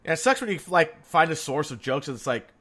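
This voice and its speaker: A man's voice: on the high side, very animated, fast, fairly bright tone. A man hosting a podcast, telling jokes in casual chat and laughing at his own punchlines. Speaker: podcast host.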